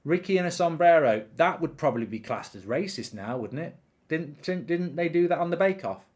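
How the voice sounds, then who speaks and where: A man's voice: a little high, lively intonation, a little fast, darkish tone. A man hosting a live football watchalong, chatting casually, reading out viewer comments and rambling with repeated words.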